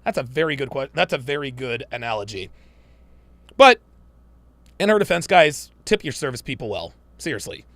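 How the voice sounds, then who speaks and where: A man's voice: mid-range voice, expressive, moderate pace, pauses often, fairly bright tone, no echo. A man hosting a live-stream commentary show, talking in a profane, emphatic and preachy way. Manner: mocks women in put-on voices.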